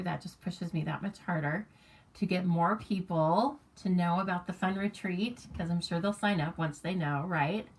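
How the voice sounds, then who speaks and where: American lady rambling on her craft livestream, low-ish voice, reads out comments, laughs a lot. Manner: chatty and rambling, reads viewer comments aloud, laughs easily. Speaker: craft demonstrator hosting a live stream. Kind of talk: casual live-stream chat, greeting viewers by name. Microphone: camera mic on a live stream.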